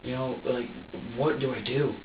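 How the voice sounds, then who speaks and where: A man being questioned as a suspect, recounting events in an agitated, profane, halting way, distressed and near tears. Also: mid-range voice, fairly even intonation, a little hiss or hum. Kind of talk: emotional recounting under questioning. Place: police interview room. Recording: echoey, distant, dull room recording.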